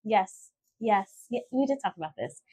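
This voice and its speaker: A woman co-hosting a podcast in casual chat, expressive, exclaiming and acting out her own reactions. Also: mid-range voice, normal speed, husky, no room sound. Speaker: podcast co-host.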